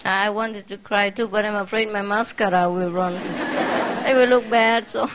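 Crowd and other background noise surround this woman as she speaks at a moderate pace in a steady, medium-pitched voice. A spiritual teacher saying goodbye to her followers, she uses simple, non-native English and laughs frequently, fondly teasing them.

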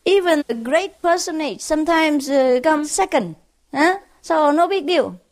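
A woman's voice: high voice, animated, unhurried, dry recording, pitched above the performer's own voice. A woman voicing a male referee who consoles the losing team in a dry, reassuring manner.

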